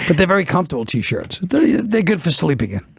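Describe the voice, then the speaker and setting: Casting: American man, comic guest, digressive storyteller, fairly high pitch, dry studio sound. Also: very animated, normal speed, creaky, breathy edge, no echo. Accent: New York. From United States. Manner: rambling, self-interrupting storyteller with frequent laughs. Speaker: guest comedian. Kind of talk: casual podcast chat.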